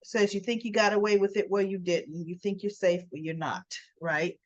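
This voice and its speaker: A woman's voice: mid-range voice, steady tone, moderate pace, highs cut off. A woman casually retelling a soap opera episode, quoting the characters as she goes along. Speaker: soap opera recap vlogger.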